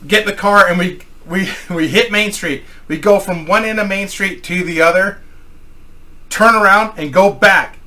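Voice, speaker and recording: Man, from Missouri, fairly high voice, profane rambling storytelling, casual anecdote. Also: moderate pace, sharp tone. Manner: profane, rambling, with many fillers.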